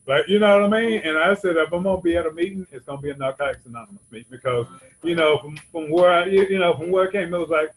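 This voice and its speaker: Speaking rapid-fire in a fairly high voice, a man from Georgia delivers a rambling, chatty personal testimony on a convention hall stage at a recovery convention. He leans on "you know what I'm saying" again and again, and the recording is rough.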